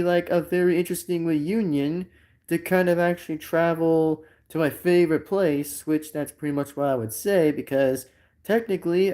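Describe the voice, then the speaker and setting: A man hosting a live stream talks loosely and at length, circling back over the same points and leaning on filler phrases. His voice sits a little higher than most men's. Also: darkish tone. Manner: rambling and repetitive, full of filler phrases. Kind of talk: unscripted live stream chat.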